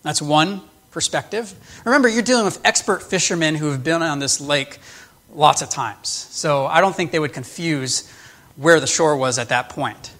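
Male preacher, higher voice, earnest teaching sermon, emphatic. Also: moderate pace, a bit bright. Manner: earnest, explanatory, with emphatic restarts.

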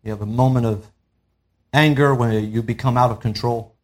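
A man's voice: medium pitch, fairly even intonation, normal speed. A man preaching a sermon to a church congregation, emphatic, pressing his listeners with rhetorical questions. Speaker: pastor. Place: church service.

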